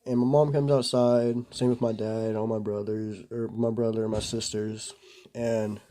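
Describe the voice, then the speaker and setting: A man's voice: on the low side, little pitch movement, moderate pace, warm tone. A young man casually telling a rambling story to the camera, full of filler words and slang. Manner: rambling, laid-back, lots of "bro" and "like". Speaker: vlogger.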